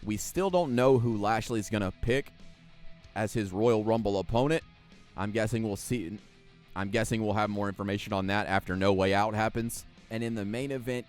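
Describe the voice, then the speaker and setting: A man's voice: on the low side, normal speed, faint music behind. A man giving play-by-play wrestling commentary over a video game, sarcastic and jokey and swearing freely. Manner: jokey, laughs at what he describes.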